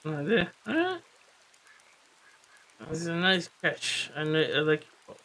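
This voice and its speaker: A man streaming a game, chatting casually and teasing his friend with quick banter. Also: on the high side, sing-song, pushed and bright, low-quality recording. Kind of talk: casual gaming chat.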